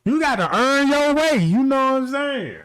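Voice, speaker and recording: A man with a country-sounding voice hosting a stream, ranting in a brash, profane, animated way. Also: very high voice, moderate pace, no echo. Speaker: livestream host. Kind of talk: casual ranting commentary.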